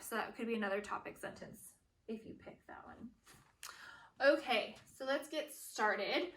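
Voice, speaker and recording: Young woman teacher walking kids through writing, slow and careful, bright voice, echoey room kinda far from the mic. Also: fairly high pitch. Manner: slow, deliberate, says each word aloud as she writes it. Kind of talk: modeling writing for young students.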